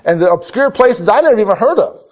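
A man's voice: sits high, expressive, fast talker, darkish tone. A man from Minnesota preaching a conversational sermon, telling stories wryly and often restarting his sentences. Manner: storytelling, wry, restarts often. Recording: dull lo-fi recording.

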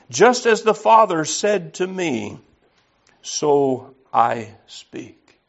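A man preaching an earnest, emphatic sermon and reading scripture aloud. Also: fairly high pitch. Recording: slightly dull lo-fi recording.

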